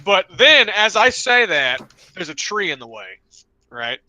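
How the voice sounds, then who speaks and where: A young man on a podcast telling rambling, animated stories, now and then slipping into loud voices for his friends. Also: high-pitched, a little slow. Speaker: podcast co-host. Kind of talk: casual storytelling chat.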